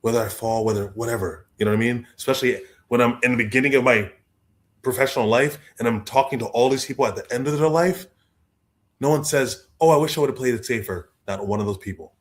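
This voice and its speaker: A young adult man, a guest author telling stories in a lively way, acting out the people he quotes. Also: mid-range voice, quick pace. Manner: expressive, acts out quoted voices, repeats words. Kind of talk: animated storytelling in conversation.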